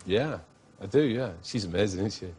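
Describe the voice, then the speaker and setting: A man's voice: fairly low pitch, lively intonation, normal speed, darkish tone, a little hiss or hum. A middle-aged man, telling anecdotes as a guest in a TV interview and laughing often.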